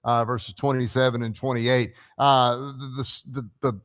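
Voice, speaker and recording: A man's voice: mid-range voice, level tone, unhurried, a bit bright. A preacher leading a conversational Bible class in a church classroom, quizzing the group and peppering his points with "right?" and "okay?".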